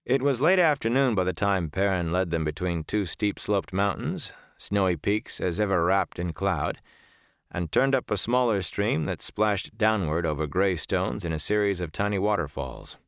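A man narrates a fantasy novel in a steady, measured way. His voice sits very low. The close studio recording is dry, with no room sound. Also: dry recording. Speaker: audiobook narrator.

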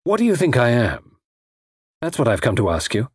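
A man's voice: mid-range voice, wildly swooping pitch, normal speed, husky, dry recording, clean studio sound, exaggerated voice. A man playing an intense young man, once a gigolo, who pleads earnestly and with passion. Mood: impassioned.

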